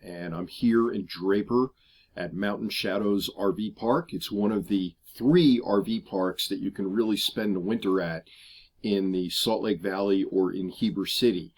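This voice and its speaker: Chatty middle-aged man, low voice. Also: measured pace, darkish tone. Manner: chatty, explanatory, with frequent uh fillers. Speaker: RV travel vlogger. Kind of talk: casual vlog talk to camera. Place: RV park outdoors.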